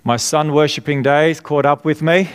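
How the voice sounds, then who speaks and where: With a somewhat high, clean voice and fairly even intonation, a middle-aged pastor preaches at normal speed. The sermon is earnest and conversational, and he frequently has the congregation finish his words by answering his questions.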